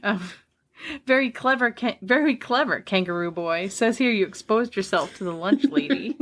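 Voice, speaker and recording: Relaxed woman reading quotes with laughs. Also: fairly high pitch, moderate pace. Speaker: podcast co-host. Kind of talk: casual chat, reading out film quotes.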